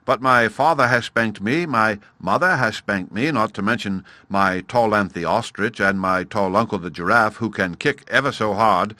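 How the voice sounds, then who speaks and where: A man voicing a curious, very polite young elephant calf, talking high and earnest. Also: moderate pace, hardly any pauses, pushed and bright, dry recording. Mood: politely curious.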